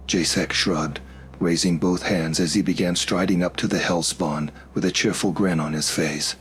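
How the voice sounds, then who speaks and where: A man narrating a first-person horror story in a steady, measured way. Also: deep voice, husky. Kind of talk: scripted narration.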